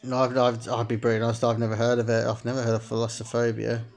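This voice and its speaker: Rambling gravelly-voiced man gaming. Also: mid-range voice, monotone, quick pace, darkish tone. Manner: rambling, heavy use of "sort of", laughs often. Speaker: gamer playing a chat story game. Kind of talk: let's-play commentary, reading in-game messages aloud.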